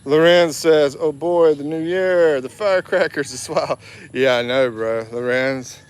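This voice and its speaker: A man's voice: a little high, measured pace, smooth. A man on a casual live walking vlog, chatting, reading viewer comments aloud and laughing often. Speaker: livestream vlogger. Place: outdoors in a town.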